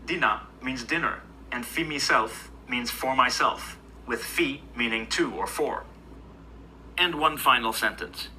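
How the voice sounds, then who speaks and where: Man, mid pitch, bright tone, calm explanatory lesson narration. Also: a little slow, slight background noise, poor audio. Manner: even, explanatory. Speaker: language video narrator. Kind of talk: scripted educational narration.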